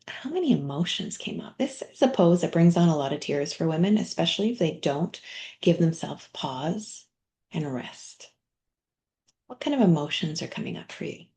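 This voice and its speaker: In a workshop, a middle-aged female coach guides a body practice, talking gently and dropping soft, almost whispered asides. Her voice sits on the low side.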